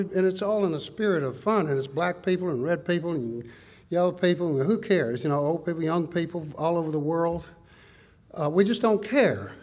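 An older man with a drawl tells stories at a conference, with folksy, animated delivery. His voice is a little husky and sits somewhat high for a man. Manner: folksy, animated storytelling with list-like riffs. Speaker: conference speaker. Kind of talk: conference talk. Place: conference hall.

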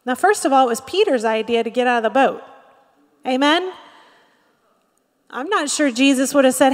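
A woman's voice: high-pitched, moderate pace, in a large hall. A woman pastor preaching a sermon, acting out quotes and asking the congregation "Amen?" often. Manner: lively preaching with acted-out quotes and frequent "Amen?". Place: church sanctuary.

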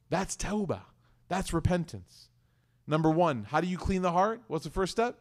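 A man giving a lively religious talk to a live audience, conversational and questioning the listeners directly. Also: sits high, moderate pace. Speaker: religious teacher.

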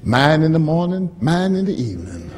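A man preaching a sermon as pastor, repeating key phrases and swinging from hushed storytelling to rising, emphatic shouts. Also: fairly high pitch, very animated, normal speed.

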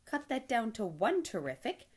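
A woman voicing a wise, bossy female spider who runs a barnyard meeting, in a crisp, precise, slightly tart manner. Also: a little high, big pitch swings, normal speed, darkish tone, pitched above the performer's own voice. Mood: brisk. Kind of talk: storybook reading.

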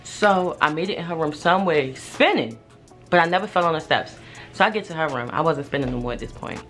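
A young adult woman telling a personal story in a casual vlog, animated and slangy, swearing freely. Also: low voice, brisk, soft background music. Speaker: vlogger.

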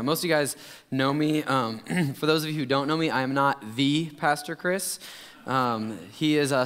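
A man's voice: medium pitch, clear, resonant tone. A young adult male pastor giving a casual, chatty sermon with slang and loose storytelling. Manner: relaxed, chatty, laid-back slang. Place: church sanctuary. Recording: long church hall reverb.

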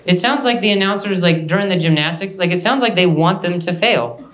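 A man's voice: high-pitched, a little fast. A man doing a stand-up comedy set on a club stage, ranting brashly and stuttering now and then. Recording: roomy club with loud noise.

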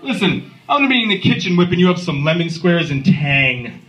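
Crude stand-up comic in an echoey club. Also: male voice, fairly high pitch, brisk. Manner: crude, animated storytelling with acted-out voices. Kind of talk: stand-up comedy set. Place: comedy club stage. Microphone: phone recording from the audience. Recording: dull, echoey club phone recording.

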